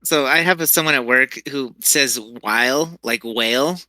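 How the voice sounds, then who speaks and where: A man's voice: medium pitch, moderate pace, pushed and bright, no room sound. A man from Idaho chatting casually at game night, telling joking stories. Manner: joking, storytelling. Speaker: player. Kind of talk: casual chat.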